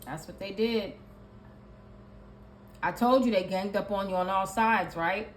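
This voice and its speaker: A woman's voice: mid-range voice, a little slow. A woman giving a tarot reading, talking emphatically and repeating her points as she lists card meanings. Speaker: tarot reader. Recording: echoey room with faint ambient noise.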